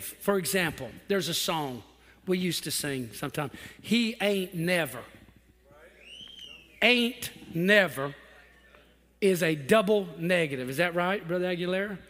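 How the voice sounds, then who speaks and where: Pastor, male, high bright voice, fervent preacher with long hall reverb. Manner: preaches in swelling shouts, then drops to a low quiet voice. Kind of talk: sermon. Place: church hall with a congregation.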